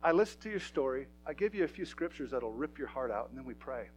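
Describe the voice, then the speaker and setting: A man's voice: medium pitch, animated, fast, a little hiss or hum, rough recording. A man preaching a sermon in a church, talking to his congregation in an emphatic, conversational way. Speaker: pastor.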